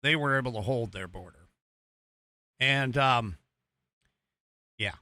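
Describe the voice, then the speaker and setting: A man's voice: medium pitch, takes it slowly, pushed and bright, no room sound, clean studio sound. An American man hosting a political podcast, rambling casually with many fillers and restarts while he talks over video footage he is playing. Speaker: podcast host.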